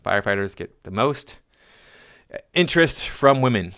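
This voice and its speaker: A man's voice: medium pitch, expressive, normal speed, fairly bright tone, clean tone. A man hosting a commentary channel, reading social media posts aloud and answering them in a scornful, lecturing way.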